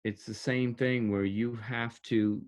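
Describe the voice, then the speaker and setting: A man's voice: mid-range voice, fairly even intonation, slow pace, a little mellow. A man who coaches actors and directs, explaining his teaching in an interview with emphasis, repeating key words and laughing between points.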